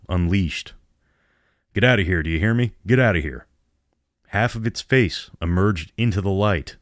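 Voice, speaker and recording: A man narrating a horror story in a measured storytelling manner. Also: deep voice, dry recording, clean studio sound.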